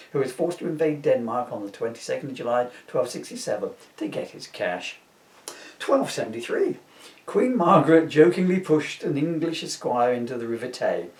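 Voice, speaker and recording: A man's voice: mid-range voice, a little mellow. A middle-aged man reading his own comedy book aloud, chuckling at his jokes and breaking off into chatty asides. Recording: roomy, distant from the mic.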